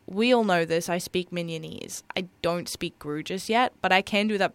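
A woman's voice: lowish voice, moderate pace, hardly any pauses, clear, resonant tone, dry recording. A young woman hosting a community radio show, talking in a rambling, giggly way full of "like". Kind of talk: casual radio chat.

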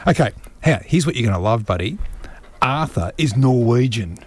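A man's voice: mid-range voice, expressive, moderate pace, slightly rough. A man hosting a late-night community radio show, joking and chatting in a studio. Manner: joking, chatty, jumps between topics. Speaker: radio host. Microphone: studio microphone.

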